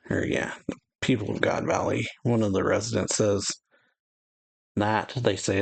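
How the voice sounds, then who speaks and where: A man's voice: on the low side, fairly even intonation, normal speed, creaky, long pauses, breathy edge, no echo, rough recording. A man hosting an anime reaction channel, casually reading manga dialogue aloud and adding chuckles and asides.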